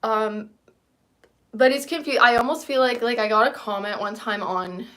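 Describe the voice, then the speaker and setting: A woman's voice: a little high, normal speed, a bit bright. Rambling, self-deprecating woman in her thirties. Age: 30s. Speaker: livestream host. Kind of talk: casual livestream chat.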